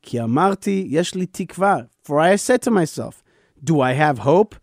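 A man's voice: a little high, animated, normal speed, darkish tone, no room sound, studio quality. A man hosting a radio show, teaching scripture in an emphatic, explanatory way with frequent stammered restarts.

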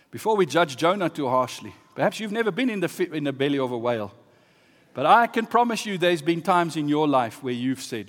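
A man with a fairly high voice preaches a sermon in a church hall, and long reverb trails his words. He tells a lively story, dropping to hushed asides and then rising to loud exclamations. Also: brisk.

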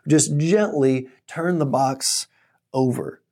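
A man's voice: mid-range voice, slow pace, darkish tone. A man voicing a patient woman shop manager coaxing a confused customer.

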